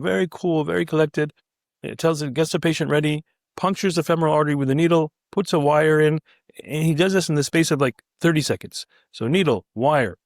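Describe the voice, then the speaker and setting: A middle-aged male physician, talking as an interview guest, telling his stories at a brisk pace. He is animated and often restarts his sentences. The sound is close and dry. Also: a little high, no room sound. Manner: animated, many restarts and fillers. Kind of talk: casual anecdotal storytelling.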